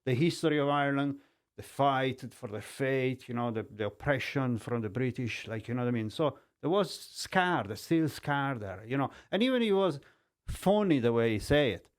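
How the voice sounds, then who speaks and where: A man from Italy speaks English with a strong Italian accent. He is a middle-aged podcast guest, and he tells his story in animated, broken English full of restarts. His voice sits at a middle pitch. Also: moderate pace, smooth. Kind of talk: personal testimony in conversation.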